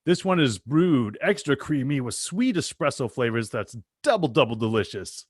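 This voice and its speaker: A man's voice: mid-range voice, very animated, normal speed, husky, no echo, studio quality. A Canadian man in his thirties co-hosting a sports podcast, laid-back and laughing easily in casual chat. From east coast of Canada. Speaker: podcast co-host.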